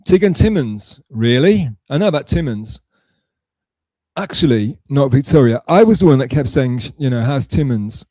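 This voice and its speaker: A man's voice: medium pitch, expressive, moderate pace, dark tone, no room sound. A man streaming live, reading chat messages aloud and answering in a rambling, sarcastic way with many restarts.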